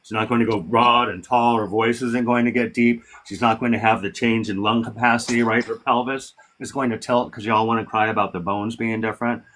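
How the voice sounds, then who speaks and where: A man's voice: mid-range voice, fairly even intonation, brisk, hardly any pauses, a bit bright, slight background noise. A man hosting a live-stream debate, combative and profane, talking over his guest.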